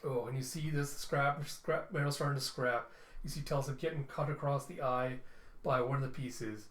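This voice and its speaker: Man, casual comic readthrough, mid pitch, echoey room. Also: fairly even intonation, normal speed, a bit bright. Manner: casual, narrating. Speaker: comic reviewer. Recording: roomy echo.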